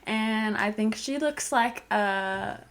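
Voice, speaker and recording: A woman's voice: mid-range voice, takes it slowly. A young woman giving a casual, chatty film review on camera, giggling often and filling her talk with "like". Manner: giggly, lots of "like" fillers. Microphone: camcorder.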